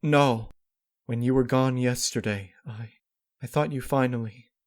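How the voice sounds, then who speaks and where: A man's voice: mid-range voice, a little slow, pitched above the performer's own voice, natural voice. A man voicing a desperate, frightened female pony princess in a storybook reading. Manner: pleading, panicked.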